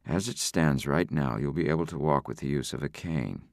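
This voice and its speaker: A calm, coldly polite intruder, put on by a male reader, murmuring his threats in a very deep, gravelly voice. Every word is quiet and level, menace held under the surface, in a dry, close storybook reading. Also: normal speed, dry recording.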